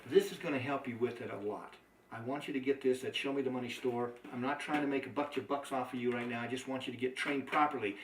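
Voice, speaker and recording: A man's voice: mid-range voice, steady tone, fast, a little hiss or hum. A man giving an upbeat, emphatic motivational training talk on network marketing. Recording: echoey room, mic at a distance.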